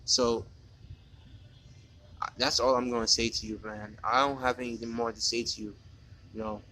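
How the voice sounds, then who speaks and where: A man in a personal spoken monologue, talking in an earnest, halting way with many restarts and repeated words, defiant when he speaks straight to a critic. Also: medium pitch, level tone, sharp tone, a little hiss or hum, rough recording.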